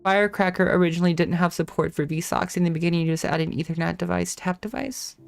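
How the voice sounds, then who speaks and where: A woman's voice: fairly low pitch, fast talker, creaky, soft background music. A woman hosting a casual live-stream tech talk, thinking aloud with restarts, self-corrections and casual swearing.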